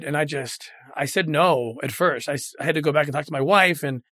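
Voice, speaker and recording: An earnest middle-aged man speaks in a fairly high voice, recounting hard memories with open feeling as an interview guest. The sound is dry and close, with no room around it. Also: a little fast, fairly bright tone, no echo. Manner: earnest, emotional, retells quoted dialogue. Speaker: former federal agent, interview guest. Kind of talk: candid interview storytelling.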